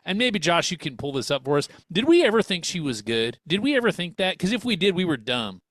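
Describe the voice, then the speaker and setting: A man's voice: high-pitched, big pitch swings, a little fast, a bit bright, no room sound, clean studio sound. A man co-hosting a wrestling radio show in casual comedic banter, given to exaggerated rants.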